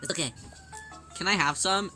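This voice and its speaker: Bright-voiced playful woman streamer. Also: lowish voice, soft background music. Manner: playful, giggly, reads and answers chat; drawn-out whiny yelps. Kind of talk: casual livestream chat while sewing.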